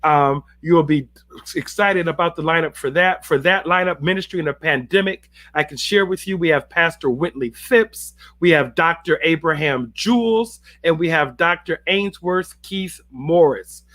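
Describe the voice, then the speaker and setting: A middle-aged man moderating a church panel, announcing upcoming forums briskly and repeating key phrases for emphasis. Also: fairly high pitch, a bit bright. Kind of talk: announcing upcoming events to an online audience.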